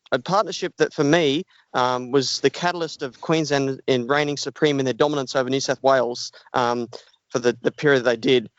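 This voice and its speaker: A man's voice: medium pitch, dry recording. A man co-hosting a casual podcast, talking enthusiastically and heaping on praise. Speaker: podcast co-host. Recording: dull lo-fi dry podcast audio.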